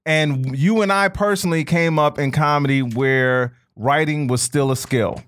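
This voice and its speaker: A man's voice: a little high, normal speed, fairly bright tone, clean tone. A man co-hosting a comedy podcast, speaking emphatically and repeating points to drive them home. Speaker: podcast co-host. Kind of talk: casual chat.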